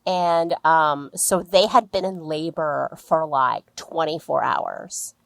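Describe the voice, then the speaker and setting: A woman's voice: sits low, slow pace, creaky, no echo. A woman guest on a podcast telling a story casually and acting out the people in it. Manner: animated, acts out the people in her stories.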